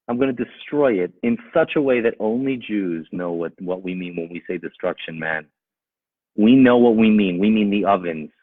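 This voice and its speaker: Impassioned rabbi with tinny sound. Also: male voice, mid-range voice, no room sound. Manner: emphatic, rhetorical questions, repeats phrases for force. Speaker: rabbi giving a talk. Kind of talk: impassioned talk to a live audience.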